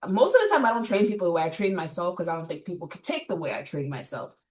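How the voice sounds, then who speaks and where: Blunt, energetic, and quick to laugh, this personal trainer chats casually in an interview. She has a fairly low pitch and talks fast, picked up by a distant mic.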